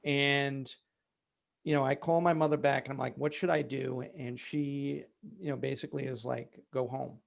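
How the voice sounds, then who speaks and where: Gravelly-voiced man telling his story. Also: mid-range voice, fairly even intonation, normal speed. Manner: candid, many fillers, relives events vividly. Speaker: company founder and co-host, interview guest. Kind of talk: personal storytelling in conversation.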